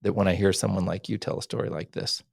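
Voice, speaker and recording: A man hosting a podcast, earnest and rambling, often dropping to a soft near-whisper. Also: low voice, steady tone, quick pace, vocal fry, slightly rough, no echo, studio quality. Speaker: podcast host. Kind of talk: casual interview chat.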